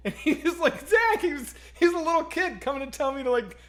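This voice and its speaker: A man co-hosting a streamed chat, telling a story in an excitable way and swearing often. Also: extremely high pitch, fast. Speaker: stream co-host.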